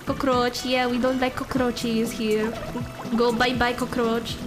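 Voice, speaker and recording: A woman streaming a game live, chatting playfully, giggling and letting out excited yelps. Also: on the high side, measured pace. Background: game music.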